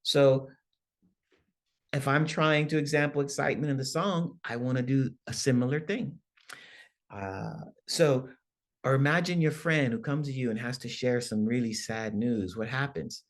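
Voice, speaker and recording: Man lecturing with lively demonstrations. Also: mid-range voice, normal speed. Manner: animated, demonstrates with acted-out voices; conversational, checks in with "right?". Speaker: songwriting professor. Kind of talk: workshop lecture.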